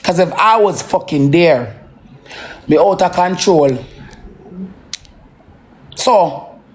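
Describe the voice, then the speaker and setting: A parent with a Jamaican accent in an emotional, profane ranting monologue that swings between slow brooding and heated outbursts. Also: medium pitch. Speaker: social media livestreamer.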